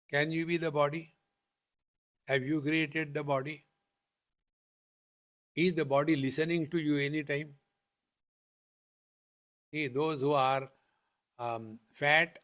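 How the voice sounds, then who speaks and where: An older man with an Indian accent gives a spiritual discourse, slowly repeating rhetorical questions. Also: on the high side, fairly bright tone. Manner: slow, deliberate, repetitive teaching with rhetorical questions. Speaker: spiritual teacher.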